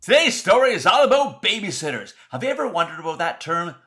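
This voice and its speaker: A playful man hosts a comic storytelling show, his bright, high voice leaping all over. It rings in an echoey room with faint music underneath. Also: fast talker. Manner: animated, playful, with laughs. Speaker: storyteller host.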